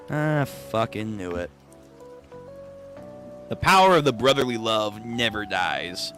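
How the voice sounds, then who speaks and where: A man reacting out loud during a casual comic read-through, swinging his pitch all over as he exclaims in disbelief and swears freely. His voice is bright and forceful and sits a little high. Soft music plays faintly underneath. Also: lively intonation, takes it slowly, long pauses.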